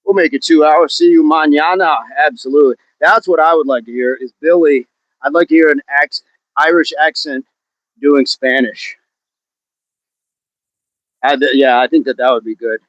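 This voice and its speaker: A man's voice: mid-range voice, normal speed, long pauses, fairly bright tone, no echo. Male fitness streamer, upbeat and jokey, reading chat aloud mid-workout; dry, muffled recording. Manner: upbeat, reads viewer comments aloud and jokes about accents. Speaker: livestream fitness host. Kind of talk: casual livestream chat while exercising. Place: outdoors in wind.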